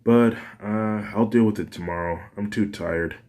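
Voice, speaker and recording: A man's voice: fairly low pitch, moderate pace, a little mellow, close to an everyday voice. A man voicing a sleepy, easygoing young man in a fan story, speaking drowsily and offhandedly. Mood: drowsy.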